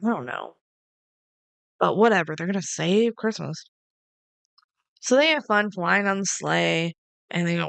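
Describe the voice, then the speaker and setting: A young woman co-hosting a podcast, casually recapping a movie and acting out the characters' lines with lively changes of voice. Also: fairly low pitch, a little slow, vocal fry, long pauses, dry recording. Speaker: podcast co-host.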